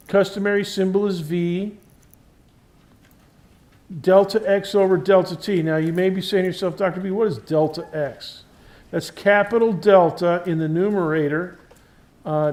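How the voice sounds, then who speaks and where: A man with a voice that sits high and a little mellow gives a university physics lecture. His style is conversational, like a classroom, and he often checks in with the class and stresses key words while explaining.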